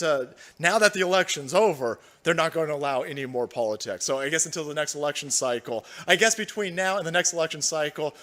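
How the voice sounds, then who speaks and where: Brief: foul-mouthed, mocking male streamer reading chat, high voice. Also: fairly bright tone. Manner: profane, mocking, laughs often. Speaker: livestream host. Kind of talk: political commentary livestream.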